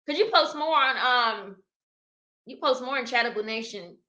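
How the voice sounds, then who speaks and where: A chatty young woman hosts a casual livestream, reading out comments and laughing as she talks. Her voice is bright and sits a little high, and she speaks. She sounds close to a webcam mic. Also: lively intonation, moderate pace. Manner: chatty, laughs often, talks to viewers as y'all. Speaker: livestream host reading chat.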